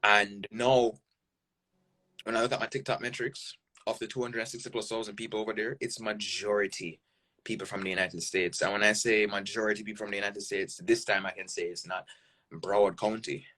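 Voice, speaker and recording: A man's voice: fairly low pitch, fairly even intonation, fairly quick, sharp tone. A Jamaican man from Jamaica, a content creator guest on a podcast, talking casually and animatedly, with lots of emphasis and frequent "right?" check-ins. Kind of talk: casual interview talk.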